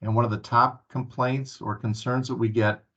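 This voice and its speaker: Man, staff training presentation, earnest, frequent fillers, mid pitch, dull lo-fi recording. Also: little pitch movement, normal speed, a bit bright. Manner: earnest, many filler sounds and restarts. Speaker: staff presenter at a town hall. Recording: muffled lo-fi recording.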